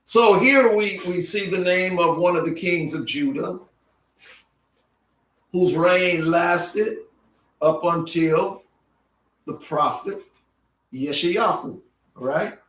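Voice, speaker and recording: A man teaching a Bible history lesson in an unhurried way, often repeating names in their alternate pronunciations. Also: sits high, fairly bright tone. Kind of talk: classroom Bible history lecture. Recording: roomy sound from a distant mic.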